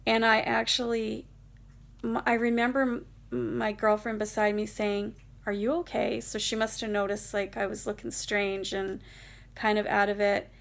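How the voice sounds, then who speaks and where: Rambling woman with gravelly creak. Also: medium pitch, completely flat delivery, normal speed. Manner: rambling, lots of fillers like "like" and "you know". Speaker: vlogger telling a personal story. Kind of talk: casual storytime monologue.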